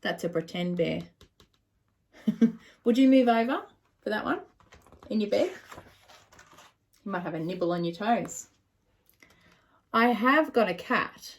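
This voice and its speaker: A woman reading picture books aloud to children, animated and asking them questions. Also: on the high side, measured pace, pauses often. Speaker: children's storyteller.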